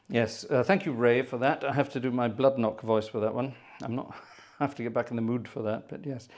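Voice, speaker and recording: Fairly quick with few pauses, a man's medium-pitched voice stays fairly even as he hosts an organ music livestream. He chats casually, narrating his troubleshooting and muttering exasperated asides.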